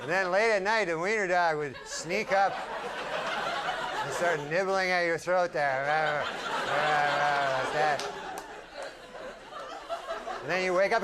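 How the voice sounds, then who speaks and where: Man, stand-up comic, deadpan, rambling, chuckles at his own jokes, higher voice, live stage recording, loud background noise. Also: slow pace, long pauses, over a noisy crowd. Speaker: stand-up comedian. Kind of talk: stand-up routine. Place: comedy stage with a live audience.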